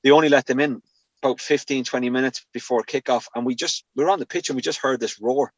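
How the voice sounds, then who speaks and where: A man's voice: mid-range voice, fast talker, dry recording, dull audio. A man with an Irish accent, a former footballer telling stories in a casual chat and quoting others as he goes. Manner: animated storyteller, quotes others in their voices.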